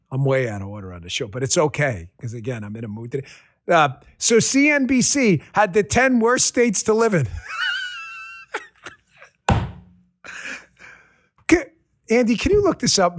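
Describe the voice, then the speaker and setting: A man's voice: a little high, sing-song, normal speed, long pauses. A man hosting a political talk show, ranting sarcastically and repeating his punchlines for emphasis while talking straight to his audience and crew.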